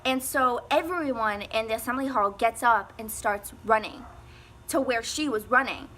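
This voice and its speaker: A woman's voice: on the high side, moderate pace, pushed and bright, a little hiss or hum. A teenage girl telling a casual storytime, rambling with lots of fillers and frequent laughs. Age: teens. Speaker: vlogger.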